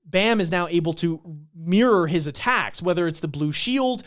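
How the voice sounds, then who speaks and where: A man on a podcast, casually recapping a webtoon and acting out the characters' lines with swearing and excitement. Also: sits high, normal speed, no echo, clean studio sound. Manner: animated retelling, acts out lines, swears. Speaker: podcast co-host.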